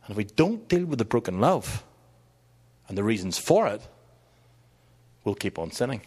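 Middle-aged man preaching; animated and conversational, voice rising and falling a lot. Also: on the low side, moderate pace, breathy edge. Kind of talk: sermon.

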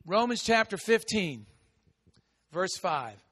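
A man preaching a sermon as pastor, with a big voice that swings from shouting to hushed asides. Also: high-pitched, sing-song, slow pace, in a large hall. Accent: American. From United States.

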